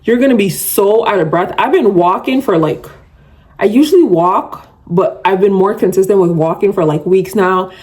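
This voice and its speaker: A woman's voice: medium pitch, moderate pace, a little mellow. A woman hosting her own podcast, talking casually and chattily to listeners, with frequent laughs and a self-described love of yapping. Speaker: podcast host. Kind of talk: casual solo podcast talk.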